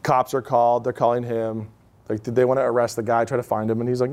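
A man's voice: mid-range voice, little pitch movement, quick pace, a little mellow. A man in his thirties giving an informal talk to an audience, telling stories in a conversational way with many asides. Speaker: speaker at a live event.

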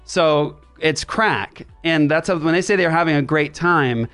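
A man hosting a casual chat show from a makeshift studio, talking in an animated, rambling way with many restarts and fillers. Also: fairly high pitch, a little slow, smooth, soft background music. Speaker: podcast host. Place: makeshift studio in a writers' room.

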